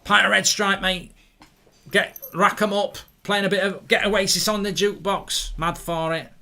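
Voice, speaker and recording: A man's voice: high-pitched, fairly even intonation, normal speed, vocal fry, sharp tone, pitched above the performer's own voice, full character voice. A man doing a brash Manchester teenage lad. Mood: swaggering. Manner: brash, swaggering. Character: cocky teenage lad in a pub.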